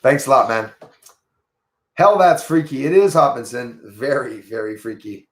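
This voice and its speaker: With a Quebec accent, a man hosts a casual livestream, rambling and greeting viewers by name as he reads their comments. His medium-pitched voice has lively intonation and a measured pace, and the sound is reverberant.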